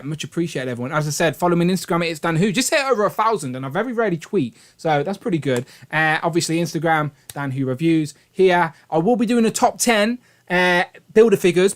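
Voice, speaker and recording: Upbeat man hosting a stream. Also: fairly high pitch. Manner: upbeat, rambling, laughs often. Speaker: livestream host. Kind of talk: casual livestream chat.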